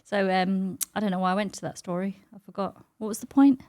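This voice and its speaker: A woman in her forties, a comedian, telling stories in casual podcast chat, animated and swearing often, acting out voices. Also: medium pitch, a little fast. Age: 40s. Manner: animated, swears a lot, acts out voices in anecdotes. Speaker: comedian guest.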